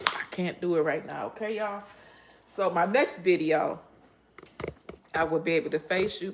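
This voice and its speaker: A woman's voice: on the low side, moderate pace, pauses often, background noise. Emotional woman hosting a cooking live. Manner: emotional, breathy exclamations, speaks to viewers as y'all. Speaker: cooking channel host. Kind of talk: live-stream cooking chat. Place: home kitchen.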